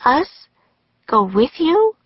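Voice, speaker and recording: A woman reading aloud voices an eager, brave young girl, lifting her voice high and bright, on a dull, dry recording. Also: sing-song, drawn-out words, no echo, full character voice. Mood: excited.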